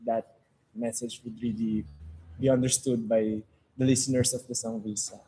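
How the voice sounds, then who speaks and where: A man's voice: medium pitch, level tone, music in the background, low-quality recording. A man with a Filipino accent, chatting earnestly on a livestream and stopping often to search for words. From Philippines. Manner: earnest, halting with many fillers. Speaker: music group member on a livestream. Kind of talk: casual chat.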